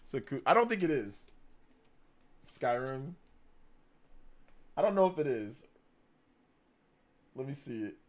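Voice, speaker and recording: Hyped, lively male streamer. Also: mid-range voice, slow, long pauses. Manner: hyped, reads out and thanks donors. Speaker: livestream host. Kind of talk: casual live-stream chat.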